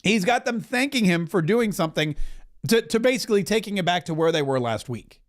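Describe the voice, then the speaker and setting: A man hosting a political talk show, giving opinionated, animated commentary and mockingly acting out the words of others. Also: sits high. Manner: animated, mocking, does quick voices for others.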